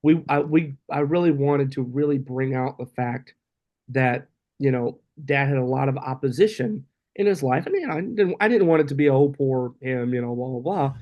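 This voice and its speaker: A man, a podcast guest, telling stories in animated casual chat and often saying "you know". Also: medium pitch, moderate pace, highs cut off. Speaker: guest, co-author of a book about his father. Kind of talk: casual interview storytelling.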